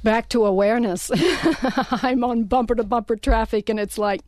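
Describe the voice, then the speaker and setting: Calm woman therapist giving advice. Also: a little high, no echo. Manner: calm, measured, gently instructive. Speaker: guest therapist. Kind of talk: call-in radio advice.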